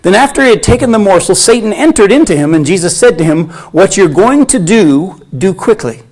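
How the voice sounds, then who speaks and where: A man's voice: high voice, brisk. A man teaching a Bible study in sermon style, acting out quoted voices as he goes. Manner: animated, acts out quoted voices.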